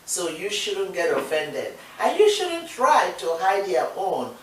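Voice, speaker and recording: A woman's voice: lowish voice, big pitch swings, takes it slowly. A woman from Nigeria with a Nigerian accent, co-hosting a casual talk show, speaking earnestly and encouragingly, repeating her points for emphasis. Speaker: co-host. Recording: distant, echoey room sound.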